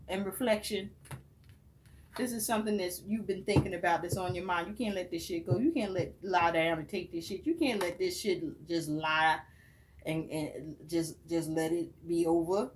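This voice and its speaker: A woman giving a tarot reading in a casual, profane and emphatic way, speaking straight to the viewer. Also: mid-range voice. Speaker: tarot reader.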